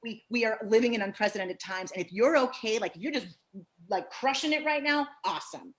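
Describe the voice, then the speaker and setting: A woman therapist speaking on a panel discussion, expressive and acting out encouraging and critical inner voices. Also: fairly high pitch, brisk.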